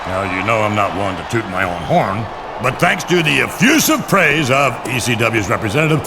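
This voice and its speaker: An actor playing a boastful male wrestling boss who makes pompous, booming announcements in a video game. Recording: noisy game audio.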